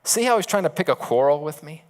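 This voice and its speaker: A man's voice: on the high side, animated, fast talker, voice pushed up, close to an everyday voice. A man voicing a panicked, insecure king who speaks with alarm and indignation.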